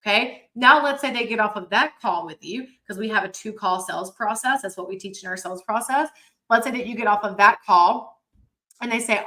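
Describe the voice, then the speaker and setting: A woman's voice: mid-range voice, a little fast, pushed and bright, poor audio. A woman teaching a sales training webinar, talking with energy and emphasis in a coaching manner over a computer mic.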